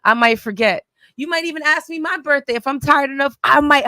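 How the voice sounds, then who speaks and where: A woman's voice: sits high, fairly quick, bright, forceful tone, no room sound. A woman hosting a casual online chat, telling a story in a blunt, mocking way. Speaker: host.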